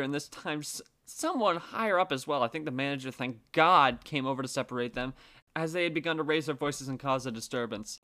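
A man's voice: medium pitch, pushed and bright. A man narrating a story casually, with wry, swearing asides.

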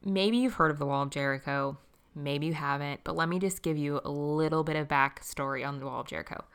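Young adult woman, slightly low-pitched, casual chatty devotional podcast host, laughs often. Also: fairly quick, smooth. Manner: warm, chatty, laughs often, says friend.

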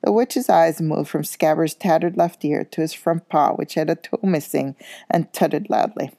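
A woman reading a children's novel aloud, steady but with small slips and corrections. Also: deep voice, moderate pace, vocal fry, dry recording, studio quality. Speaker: school coach reading aloud.

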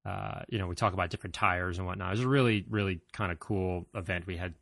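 A man's voice: deep voice, steady tone, quick pace, gravelly, fairly bright tone, dry recording. A man telling a personal story to his viewers in a casual, rambling way, with plenty of fillers, self-corrections and self-deprecating humor. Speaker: vlogger.

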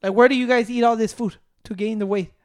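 A man's voice: very high-pitched, steady tone, quick pace, a little mellow, clean tone. A young man in casual chat, blunt and swearing, mixing into English.

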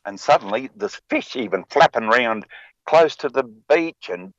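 A man's voice: medium pitch, sing-song, unhurried, no room sound, muffled recording. A man with an Australian accent telling a joke casually, rambling with fillers and chuckling as he goes. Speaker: podcast joke teller.

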